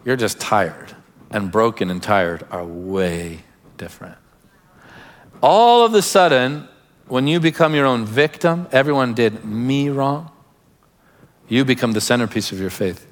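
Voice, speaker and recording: A man's voice: mid-range voice, sing-song, measured pace, big-room sound. A man preaching a sermon as pastor, emphatic, breaking into laughing asides and urging listeners to pay attention.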